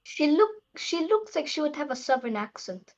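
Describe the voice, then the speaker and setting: A woman's voice: high voice, big pitch swings, moderate pace, muffled recording, a crowd in the background. A woman with an Italian accent, a native Italian speaker, chatting and giggling while streaming a game. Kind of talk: casual gaming chat.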